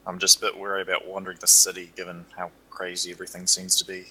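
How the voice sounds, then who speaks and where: A man's voice: low voice, monotone, fast, sharp tone, husky, poor audio. A man playing a tabletop game, chatting casually and thinking aloud with some hesitation. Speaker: player.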